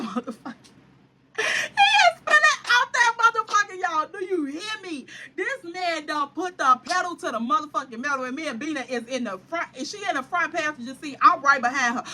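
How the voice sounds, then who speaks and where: A young woman vlogger telling a story casually, animated, acting out what people said, full of slang. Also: sits high. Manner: animated, acts out quotes, heavy slang.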